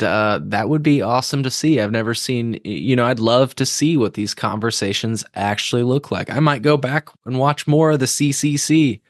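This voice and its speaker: A man's voice: mid-range voice, no echo, studio quality. A man hosting a podcast, commenting casually in a rambling, self-deprecating way and swearing now and then. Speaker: podcast host.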